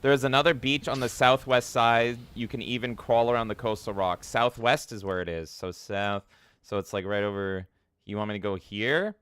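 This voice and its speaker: A man's voice: mid-range voice, normal speed, fairly bright tone, clean tone. A man streaming a video game, giving rambling, casual commentary with frequent swearing and jokes. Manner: rambling, swears freely, jokey.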